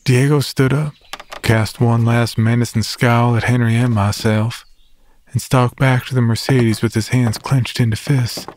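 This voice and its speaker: A man giving steady, measured scripted narration of a horror story. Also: medium pitch, dry recording.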